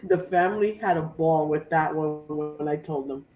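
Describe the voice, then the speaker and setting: A woman's voice: sits low, normal speed, darkish tone, soft background music. A woman chatting casually and telling a funny family story, laughing often as she talks. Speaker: co-host of a crafting live show. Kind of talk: casual chat. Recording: echoey room from far off.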